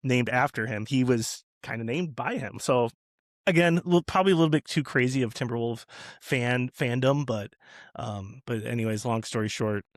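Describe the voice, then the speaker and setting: A man's voice: mid-range voice, normal speed, no room sound, clean studio sound. Chatty man telling a rambling story. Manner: rambling storyteller, many restarts and fillers. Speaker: podcast guest. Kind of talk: casual podcast chat.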